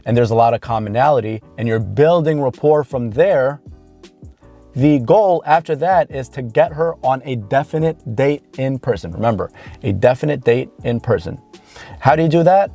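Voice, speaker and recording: A man's voice: medium pitch, expressive, normal speed, mellow, soft background music. A man coaching viewers on dating, talking earnestly to camera and repeating key points for emphasis. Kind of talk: instructional talk to camera.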